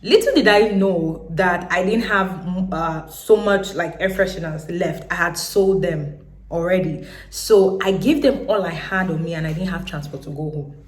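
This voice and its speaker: A woman's voice: fairly low pitch, normal speed. Nigerian woman telling a story, echoey room. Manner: lively storyteller, laughs while telling. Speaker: business owner. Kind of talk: personal storytelling to camera.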